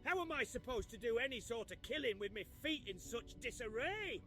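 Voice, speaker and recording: A man's voice: very high-pitched, lively intonation, a little fast, music in the background, pitched above the performer's own voice. A man voicing a grumbling old male dwarf quest giver who talks in a folksy, bossy dialect while reading game quests aloud.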